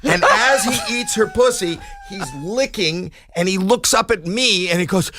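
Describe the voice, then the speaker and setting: A man in his sixties, a podcast guest telling a comic story in an animated way and acting out the quoted voices. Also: high-pitched, moderate pace, heavy background noise.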